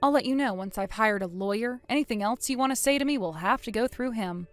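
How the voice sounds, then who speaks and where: A woman narrating a first-person story in a measured, matter-of-fact way. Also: on the high side, no echo. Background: soft music.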